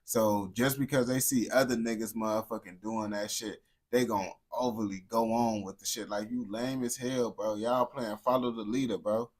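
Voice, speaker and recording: A man's voice: lowish voice, steady tone, normal speed. A man streaming and reacting to clips in casual, profane, slangy commentary. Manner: blunt, profane, slangy banter.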